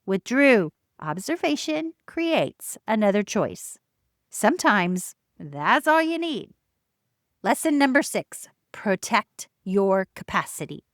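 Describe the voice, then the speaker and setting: A woman hosting her own podcast, talking in a calm, measured way with emphatic pauses. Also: mid-range voice, no room sound, clean studio sound. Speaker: podcast host. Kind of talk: reflective solo podcast talk.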